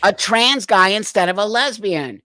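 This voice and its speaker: A man's voice: high voice, lively intonation, measured pace, pushed and bright, no echo. A man hosting a livestream, reacting to clips with incredulous, exasperated commentary and frequent laughter. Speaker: livestream host.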